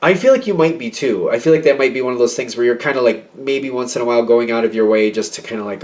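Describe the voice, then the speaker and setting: Male tarot reader, mid-pitched, rambling conversational delivery, slightly distant room sound. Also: quick pace, hardly any pauses, a little mellow. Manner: chatty, rambling, many fillers and quoted asides. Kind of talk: casual tarot reading monologue.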